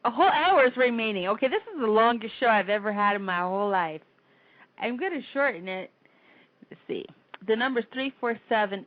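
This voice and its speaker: A woman's voice: medium pitch, dry recording. Woman, internet radio host, casual call-in chat, rambling, laughs a lot, dry phone-line sound. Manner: chatty, rambling, laughs often.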